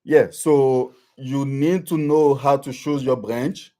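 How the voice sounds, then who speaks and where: A man from Benin hosts a live Q&A, picked up by his livestream webcam, advising viewers in halting French-accented English with frequent restarts and fillers. His voice is mellow and medium-pitched, with fairly even intonation.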